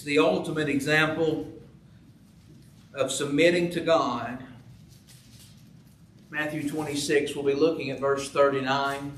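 A man's voice: on the high side, a bit bright. A man preaching a sermon to his congregation, stressing key words as he builds his points. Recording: echoey room, from far off.

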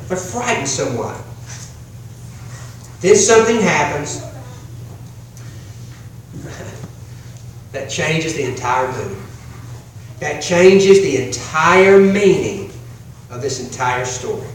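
A man with a high, light voice preaches a sermon, leaning hard on slow emphatic phrases and dropping to near-hushed tones for the key points. He is heard from a distance in a very echoey church hall, with a faint hum of the room behind him. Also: animated. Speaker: pastor.

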